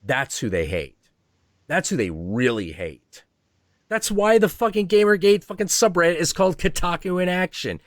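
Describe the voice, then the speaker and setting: A man's voice: high voice, very animated, moderate pace, no echo, clean studio sound. A man hosting a livestream, ranting heatedly and profanely, acting out imagined dialogue. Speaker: stream host.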